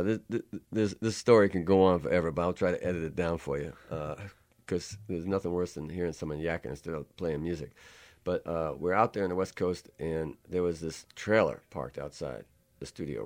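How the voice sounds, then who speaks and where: A man, a musician, telling a rambling studio anecdote in a relaxed, laid-back way, with many "uh"s and "man"s. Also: sits low, fairly quick, hardly any pauses.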